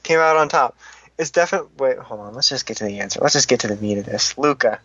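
A man co-hosting a podcast, reading listener comments with quick, exasperated jokes. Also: mid-range voice, expressive, a bit bright, slightly rough. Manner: joking, exasperated, quick asides. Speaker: podcast co-host. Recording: dull lo-fi podcast audio.

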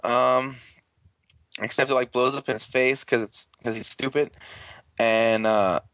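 A man hosting a casual, profane recap, sarcastic and rambling with many fillers and throat clearing. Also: medium pitch, fairly even intonation, a little slow, a bit bright, no room sound. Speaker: podcast host recapping a show. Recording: dull lo-fi dry sound.

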